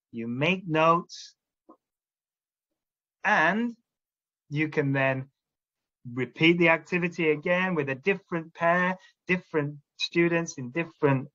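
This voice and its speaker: A man's voice: on the high side, a little slow, pauses often, a bit bright, muffled recording. A man training teachers, explaining classroom steps and checking in often with "all right?". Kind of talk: instructional talk to teachers.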